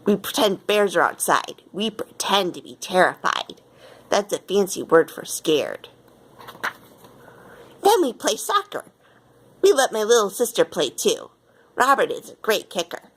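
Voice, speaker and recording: A woman reading a children's picture book aloud in an expressive way. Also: mid-range voice, unhurried. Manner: expressive, with lively quoted lines. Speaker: storyteller.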